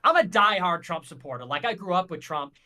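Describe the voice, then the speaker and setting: A man on a livestream, telling animated stories and acting out the conversations he had. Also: high voice, brisk. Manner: animated storyteller, acts out conversations. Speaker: guest on a livestream. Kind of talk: casual livestream chat.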